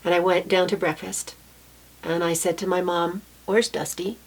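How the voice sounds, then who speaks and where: A woman recounting her own childhood story in a soft-spoken, reflective way, with small restarts. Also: lowish voice, flat delivery, moderate pace. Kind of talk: personal storytelling.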